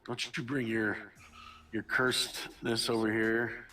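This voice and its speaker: A man's voice: mid-range voice, flat delivery, slow, sharp tone, recorded from a distance, soft background music. A man teasing his teammates in casual chat during a live game.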